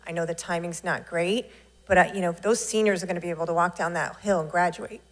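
A woman chairing a school board meeting, responding to public comments in a measured, reassuring way. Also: lowish voice, steady tone.

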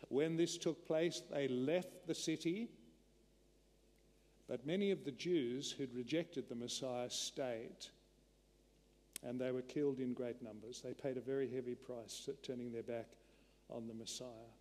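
A man preaching a sermon in an earnest way, slowing and dropping his voice to drive points home. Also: medium pitch, steady tone, darkish tone. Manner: earnest, slows and drops his voice to stress a point. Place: church. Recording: long church reverb.

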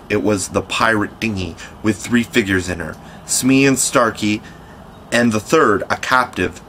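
A man reading a children's classic aloud in measured, scripted narration. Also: mid-range voice, a bit bright, slight background noise. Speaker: audiobook narrator.

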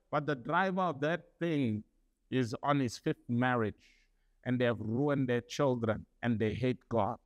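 A male pastor preaching a sermon, building up to loud repeated declarations. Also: mid-range voice, unhurried, no echo.

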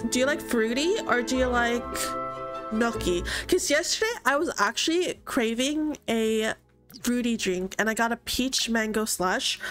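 A woman's voice: fairly high pitch, a bit bright. A young woman live-streaming a life-sim game, chatting casually, reading chat aloud, gasping and laughing often. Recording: game music faint behind.

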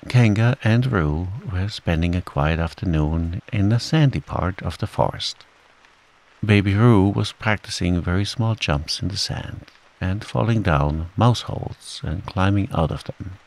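A man narrating a bedtime storybook in a calm, soothing, unhurried way. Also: low voice, low-quality recording. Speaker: audiobook narrator.

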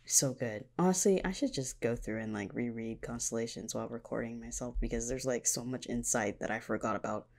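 A woman's voice: very deep voice, a little fast, creaky, hardly any pauses, darkish tone. A woman hosting a casual solo podcast, talking candidly about her own writing, swearing freely and often laughing. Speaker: podcast host and fan fiction writer.

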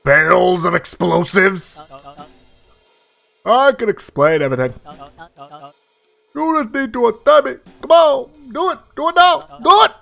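A man voicing a sly, scheming older male townsman in a smooth, patronizing tone. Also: very high-pitched, lively intonation, measured pace, long pauses, sharp tone, faint music behind, voice pushed up, exaggerated voice. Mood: coaxing.

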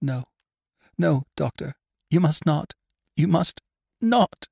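A desperate young woman on the edge of breaking, her voice climbing high and wild as she pleads, as a male narrator puts her on. The tone swings widely and sits close and dry, like an audiobook read in a booth. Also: expressive, takes it slowly, gravelly, darkish tone, breathy edge, no echo, exaggerated voice. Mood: anguished. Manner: pleading, rising into frantic cries.

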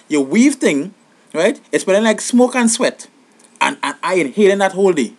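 A young man giving comic advice in an animated, exasperated vlog monologue. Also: moderate pace. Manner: animated, exasperated, rising to high outbursts. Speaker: vlogger.

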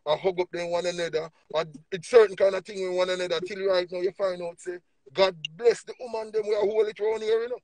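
A man with a Jamaican accent preaching emphatically on a livestream, swinging between low murmurs and loud bursts. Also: fairly even intonation, fast talker, hardly any pauses, no echo. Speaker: livestream speaker.

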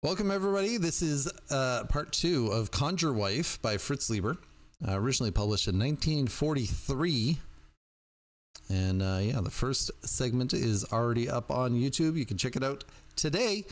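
A man's voice: medium pitch, animated, normal speed. A man reading a book aloud to his stream audience in a casual, chatty way.

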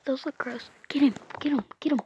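A woman hosting a game video, chatting excitably and often dropping into a whisper. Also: sits high, fairly quick. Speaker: gaming video host. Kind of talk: let's play commentary. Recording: noisy, with clicking sounds.

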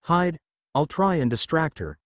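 Guy reading as a brash hothead teen boy, cocky and teasing, lively ups and downs. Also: on the high side, unhurried, no room sound, voice pushed up. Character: teen boy hero, brash and hot-tempered. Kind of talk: fan fiction reading.

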